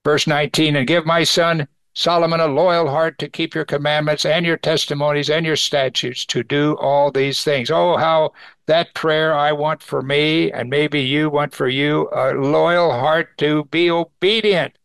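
A man's voice: on the high side, steady tone, measured pace, creaky, clean tone, dry recording. A man teaching verse by verse through a Bible passage, reading it aloud and adding exclaiming comments of his own. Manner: reads scripture then adds warm, exclaiming comments. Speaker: pastor.

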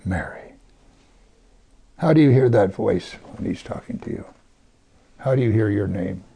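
A man preaching a sermon, reading scripture aloud and talking to his congregation with earnest emphasis, sometimes dropping to a hush. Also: lowish voice, expressive, normal speed, vocal fry, slightly rough. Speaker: pastor.

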